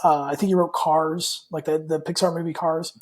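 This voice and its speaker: A man's voice: fairly high pitch, little pitch movement, moderate pace. A man guest on a podcast telling a personal story in a candid, rambling way, full of fillers and repeated words. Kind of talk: casual storytelling in an interview.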